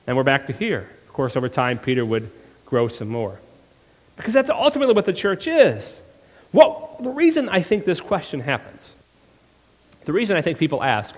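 A man's voice: fairly high pitch, very animated, a little fast, big-room sound. A male pastor preaching a sermon in a church, talking conversationally with rhetorical questions and humorous asides.

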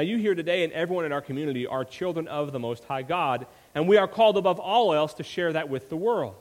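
A pastor preaching in a church sanctuary, his voice a touch high for a man. He builds emphasis through repeated rhetorical questions, and each phrase trails into a long hall reverb. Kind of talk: sermon.

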